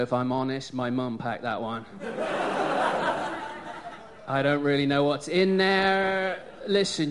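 A male stand-up comedian from Somerset, England, performing a crude, swearing, crowd-baiting set on a comedy club stage. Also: medium pitch. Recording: live club with loud crowd and noise.

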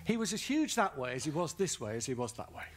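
A man's voice: fairly high pitch, very animated, fast, a little hiss or hum. A man from northern England with a Northern English accent, preaching a sermon at a festival and telling a comic story. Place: large festival tent or hall.

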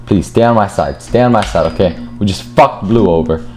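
A young man giving gameplay commentary, swearing and shouting in frustrated outbursts, with game music and keyboard typing behind him. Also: low-pitched, fairly quick. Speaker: gaming streamer.

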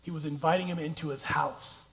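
In a church sanctuary, a pastor preaches a conversational, self-deprecating sermon and reads scripture aloud. His voice is on the high side, steady, brisk, creaky, and a bit bright.

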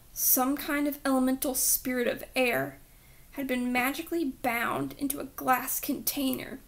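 A woman's voice: sits high, creaky. A woman reading a children's book aloud with dramatic storytelling that dips into whispers.

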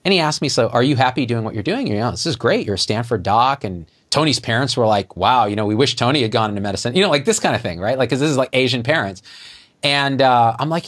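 A middle-aged man, a physician guest, telling a story in conversation and acting out the dialogue with lively jumps in his voice. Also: fast. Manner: animated, acts out quoted dialogue with jumps in pitch.

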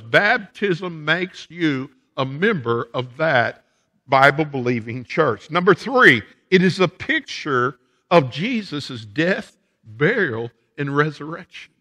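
A man's voice: high voice, bright, forceful tone, big-room sound. A male pastor preaching a sermon in a church sanctuary, laying out his points one by one with emphasis.

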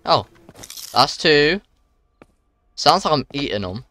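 A young man giving jumpy, excitable commentary while playing a horror game for his viewers. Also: a little high, takes it slowly. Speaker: gaming channel host.

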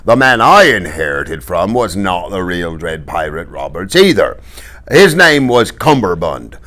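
A man voicing an older pirate captain who speaks briskly and commandingly. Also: low voice, sing-song, sharp tone, exaggerated voice. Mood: confiding. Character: jovial older male pirate captain, blunt.

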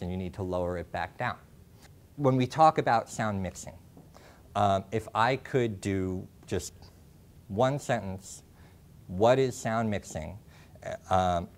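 A young man presenting a classroom workshop, talking in a halting way with many ums and restarts. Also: on the low side. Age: young adult. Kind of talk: classroom lecture. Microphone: lapel mic.

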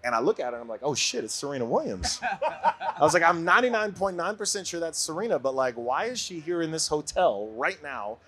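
A man in his forties from Brooklyn, a podcast guest telling a story in a casual, animated way and laughing often. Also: on the high side, brisk, breathy edge. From Brooklyn, USA.

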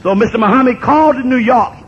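A man in his sixties gives an impassioned public talk to an audience. He repeats phrases for emphasis and builds up to shouts. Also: quick pace, breathy edge. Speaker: speaker addressing an audience. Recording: dull lo-fi recording with faint rumble.

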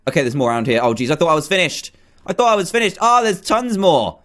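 A young man giving excitable let's play commentary, exclaiming and pleading with the game as he plays. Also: fairly high pitch, quick pace. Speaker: gaming YouTuber. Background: faint game music.

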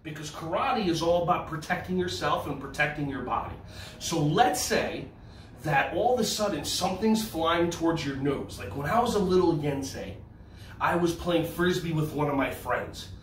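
A man leading a lively children's karate class on video, cheering the kids on in a sing-song voice. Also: a little high, moderate pace, reverberant, distant mic, slight background noise. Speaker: kids' karate and yoga instructor. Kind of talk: energetic kids' class on video.

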